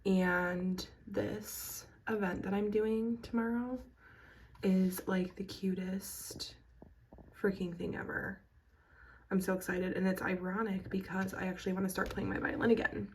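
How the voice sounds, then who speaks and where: A woman's voice: mid-range voice, flat delivery, measured pace. A young woman vlogging casually at home and chatting to her viewers. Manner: chatty, talks to her pet in a baby voice. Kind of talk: casual vlog chat. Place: bedroom and home office, indoors. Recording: distant mic, faint background noise.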